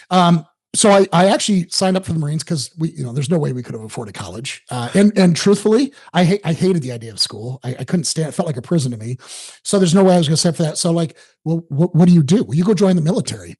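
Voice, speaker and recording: A man in his forties from the Detroit area tells his story as a podcast guest. His voice sits high for a man, and he talks in a lively, self-mocking way. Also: quick pace, husky. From Detroit area, USA. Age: 40s. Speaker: podcast guest, home-selling coach. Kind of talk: casual storytelling interview.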